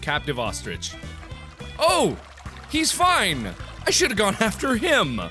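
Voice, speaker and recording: An excitable young man narrates a chaotic online game, swearing and laughing between lines. His pitch is high and swings widely, yet his pace stays unhurried. Game music plays clearly behind him. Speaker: gaming video host. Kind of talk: let's play commentary.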